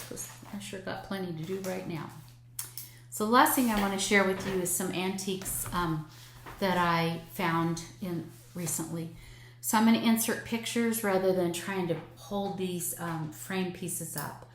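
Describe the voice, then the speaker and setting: Chatty older woman in an echoey room. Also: mid-range voice. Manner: chatty and gushing, many ums. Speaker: cross-stitch vlogger. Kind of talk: casual show-and-tell chat. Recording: echoey room with faint noise.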